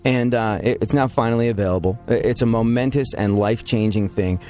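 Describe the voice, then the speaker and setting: A man's voice: lowish voice, a little fast, darkish tone, faint music behind. New york guy hosting a goofy chat show, rambly, jokey. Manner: rambling and jokey, many fillers and restarts. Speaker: show host. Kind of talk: comedic casual chat.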